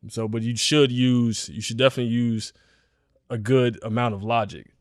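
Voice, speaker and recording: Earnest podcast dude, middle-pitched, restarts his sentences, dead dry mic. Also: fairly even intonation, moderate pace, no echo. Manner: earnest, repeats himself while thinking aloud. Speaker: podcast co-host. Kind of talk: casual podcast chat.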